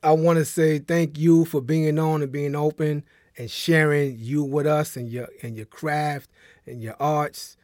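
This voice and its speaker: Excitable podcast host man, dry close sound. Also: a little high, a little slow, dry recording. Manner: excitable, loud laughing outbursts. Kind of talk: casual interview chat.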